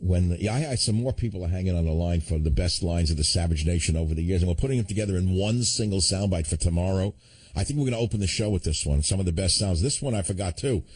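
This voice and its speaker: A man's voice: low voice, quick pace, a little mellow, breathy edge. A man hosting a call-in radio show, talking in a combative, sardonic way with chuckling asides. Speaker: radio talk show host.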